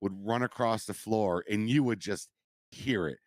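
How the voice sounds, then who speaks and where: An easygoing man hosts a relaxed conversation, agreeing readily with his guests. His voice sits on the low side and sounds dry and close. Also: moderate pace, no room sound. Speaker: host. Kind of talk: casual chat.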